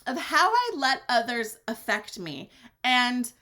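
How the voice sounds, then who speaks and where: A woman hosting her own podcast, talking alone in a blunt, sassy way, swearing freely and swinging her pitch for drama. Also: sing-song, slow pace, bright, forceful tone. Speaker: podcast host. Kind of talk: candid solo podcast monologue.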